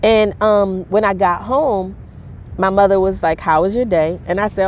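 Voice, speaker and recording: Candid woman vlogging, halting and frank. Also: mid-range voice, fairly even intonation, a little mellow, slight background noise. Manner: candid, halting, many fillers. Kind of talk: personal vlog monologue.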